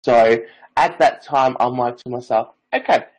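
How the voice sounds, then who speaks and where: Husky-voiced young man telling stories. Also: medium pitch, steady tone, a little slow, a little mellow, rough recording. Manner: rambling, peppered with filler phrases. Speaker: psychic medium and Reiki master guest. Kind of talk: casual storytelling interview.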